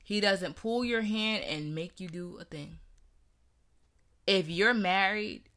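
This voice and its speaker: A young woman with a bright, forceful voice tells a personal story in a candid, conversational way. She talks with earnest conviction and acts out the voices of people she quotes. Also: mid-range voice, takes it slowly.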